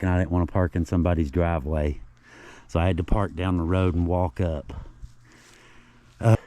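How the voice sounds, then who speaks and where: A man's voice: low-pitched, dark tone. A man rambling in a folksy, casual way as he narrates a walking vlog outdoors on a rural hillside. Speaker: vlogger exploring local history sites.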